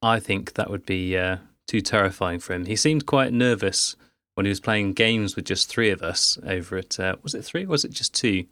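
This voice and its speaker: A man's voice: deep voice, moderate pace, bright, forceful tone, dry recording. A man co-hosting a podcast, trading teasing jokes in casual banter. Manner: teasing, dry jokey. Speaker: podcast co-host.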